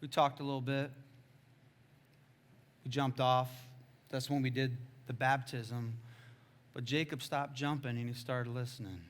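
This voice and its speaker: A man preaching a sermon as a pastor, telling a story with lively, self-mocking humor and sudden swings between hushed and loud. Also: medium pitch.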